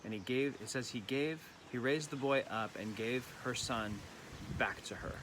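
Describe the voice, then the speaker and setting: A man giving a gentle, reflective evening prayer reflection as a pastor, recorded at home during lockdown. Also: medium pitch, moderate pace, background noise.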